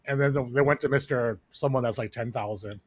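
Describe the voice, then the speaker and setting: A male podcast co-host chats casually, speaking a little fast in a mid-range voice. He rambles, with lots of filler words and restarts.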